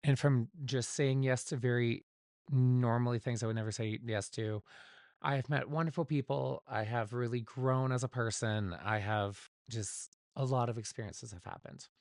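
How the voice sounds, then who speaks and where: A man hosts his own solo podcast from home, chatting unscripted in a rambling, candid way and swearing casually. His voice is mid-range, and the recording is studio quality with no echo.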